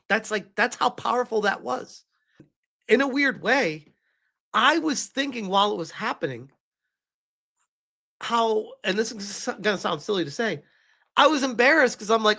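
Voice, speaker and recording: A man's voice: sits high, sharp tone. A man commenting live on a stream, emotional and rambling, often restarting his sentences.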